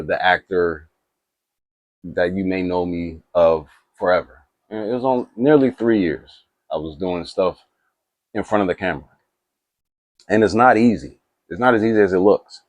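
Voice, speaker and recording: A man chatting casually to camera about movies, rambling with restarts and asides and getting excited. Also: low-pitched, dry recording. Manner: animated and excitable. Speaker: movie reaction YouTuber.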